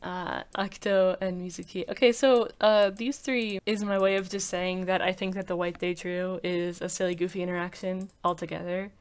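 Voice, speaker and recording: A woman's voice: on the low side, flat delivery, moderate pace, few pauses, clean tone. A woman rambling casually in a commentary video, filling her talk with frequent "like"s. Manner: rambling, heavy use of "like" fillers. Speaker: video creator.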